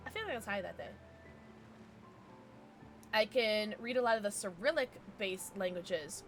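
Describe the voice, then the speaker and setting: A woman streamer chatting casually with her live viewers, giggling often as she reacts to the chat. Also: mid-range voice.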